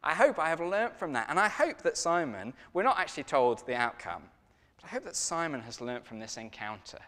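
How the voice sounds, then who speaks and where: Man preaching, animated, fairly high voice, storytelling tone, long church-hall reverb. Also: a little fast. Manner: storytelling, lively and conversational. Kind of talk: sermon.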